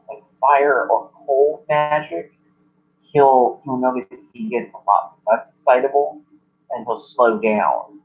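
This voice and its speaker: A man playing a composed woman in charge at a temple who speaks calmly and gives instructions. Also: medium pitch, dull audio.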